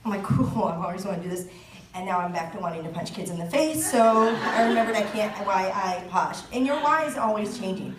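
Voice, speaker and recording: A woman's voice: medium pitch, animated, a little fast, few pauses, background noise. Chatty joking woman in a roomy hall. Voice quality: chatty, joking, laughs often. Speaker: direct sales team leader giving a training talk. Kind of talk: chatty live presentation. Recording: roomy echo, mic at a distance, faint ambience.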